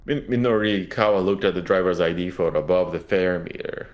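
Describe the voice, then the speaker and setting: A man narrating a story game aloud in a relaxed way, with joking asides to a co-player. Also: deep voice, brisk. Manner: easygoing, jokey asides. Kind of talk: casual game read-along narration.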